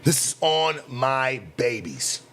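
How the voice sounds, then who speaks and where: A man's voice: medium pitch, sing-song, creaky, fairly bright tone, a little hiss or hum. A man from the US West Coast, a streamer giving a heated, profane reaction commentary. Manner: profane, heated, rapid-fire ranting.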